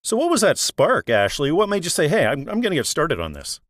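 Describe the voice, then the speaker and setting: A man's voice: fairly high pitch, huge pitch swings, brisk, fairly bright tone, dry recording, clean studio sound. A man hosting a book interview show, upbeat and reading out book details. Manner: enthusiastic, reads book details. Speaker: interview host.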